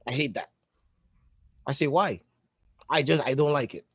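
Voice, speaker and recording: A man chatting casually on a podcast, animated and asking rhetorical questions. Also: medium pitch, normal speed, husky, no echo, clean studio sound. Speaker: podcast co-host. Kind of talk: casual chat.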